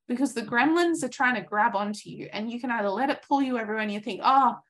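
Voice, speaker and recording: Woman, thirties, life coach, earnest, encouraging, lively acted-out asides, slightly high voice. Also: fast talker. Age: 30s. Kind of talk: motivational coaching talk.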